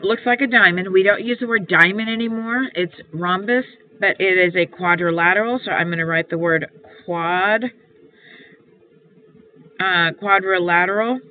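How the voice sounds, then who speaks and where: A woman math teacher walking through a homework assignment, explaining each step patiently and repeating key points. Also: mid-range voice. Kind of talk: homework walkthrough lesson. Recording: tinny phone-like sound, faint hiss.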